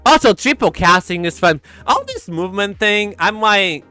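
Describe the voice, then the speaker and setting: Bright, high, lively-voiced giggly man. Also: normal speed, hardly any pauses, smooth, faint music behind. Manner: animated, giggly, makes sound effects. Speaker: streamer. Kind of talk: casual chat.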